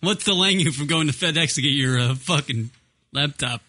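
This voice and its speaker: A man's voice: fairly high pitch, bright, forceful tone. A man co-hosting a talk show, joking and jumping in with teasing asides. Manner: joking, quick to laugh, jumps in with teasing asides. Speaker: radio show co-host. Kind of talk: casual chat.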